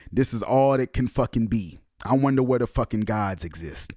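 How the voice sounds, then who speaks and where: A man's voice: medium pitch, expressive, mellow, dry recording, studio quality. A man giving a casual spoken lecture as a channel host, in loose, slangy, profane talk full of ums and restarts. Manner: slows down to read passages aloud.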